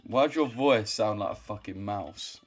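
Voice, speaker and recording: A man's voice: on the low side, moderate pace. A young man hosting a casual livestream call, blunt and mocking and swearing freely. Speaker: livestream host. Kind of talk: casual livestream banter with callers.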